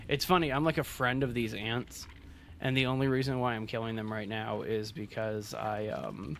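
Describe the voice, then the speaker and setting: Steady and a bit bright, this creaky mid-range voice belongs to a young Southern California man streaming gameplay at normal speed. He rambles casually to his live viewers with many fillers and restarts, and a little hiss or hum is audible.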